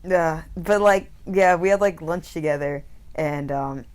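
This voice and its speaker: A man's voice: fairly high pitch, a little slow. A teenage boy from Minnesota whose voice is breaking, co-hosting a casual podcast and rambling with lots of "like" and restarts. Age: teens. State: voice breaking with puberty. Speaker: podcast co-host. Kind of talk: casual chat.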